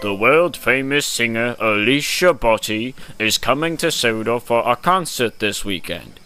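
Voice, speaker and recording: A man voicing a self-important railway boss who speaks in a booming, formal way. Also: expressive, unhurried, gravelly, bright, forceful tone, faint music behind, exaggerated voice. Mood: grand.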